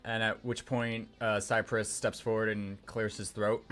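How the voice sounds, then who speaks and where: A man narrating as game master of a tabletop game, relaxed and chatty with frequent laughs. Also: lowish voice, measured pace.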